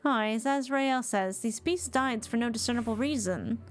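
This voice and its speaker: A woman's voice: a little high, normal speed, natural voice. A woman reading as an earnest, determined game companion.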